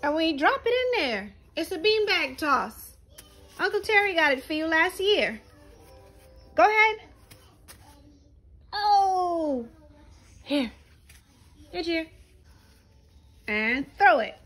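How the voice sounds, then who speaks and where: A woman's voice: extremely high pitch, sing-song, slow, pauses often, a bit bright, reverberant, faint music behind. A mother coaching her young child through play, coaxing and encouraging him with short, repeated cheers. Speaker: mother vlogger.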